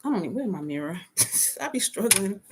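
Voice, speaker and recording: A woman's voice: mid-range voice, big pitch swings, a little fast, a little hiss or hum. A woman vlogger chatting casually on a live stream from her home desk, talking to viewers by name and reading their comments aloud.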